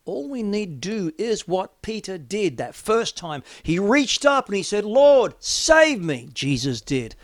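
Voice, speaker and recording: A man's voice: high voice, very animated, measured pace, few pauses, no room sound. Emphatic middle-aged male preacher, dry sound. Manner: emphatic, swinging from loud declarations to hushed near-whispers. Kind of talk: sermon.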